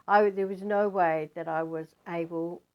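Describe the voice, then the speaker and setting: Woman, lowish voice, rambling spiritual storytelling, dull lo-fi recording. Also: fairly even intonation, a little slow. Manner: rambling, chatty, many fillers and restarts.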